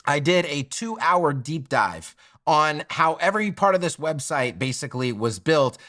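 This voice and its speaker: A man's voice: a little high, animated, normal speed, pushed and bright. A man teaching a web design tutorial while sharing his screen. He is upbeat and direct, often checks in with "okay?", and his voice is still affected by a recent illness.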